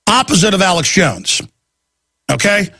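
A man's voice: high voice, big pitch swings, normal speed, pushed and bright, no echo, clean studio sound. A middle-aged man hosting a talk show, ranting in an impassioned monologue and mocking people in put-on voices.

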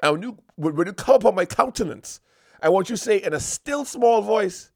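Preachy high-voiced man, gravelly. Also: lively intonation, fairly quick, darkish tone, no room sound, clean studio sound. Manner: preachy, emphatic, mock-sermon tone with repetitions. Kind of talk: comic lecturing monologue.

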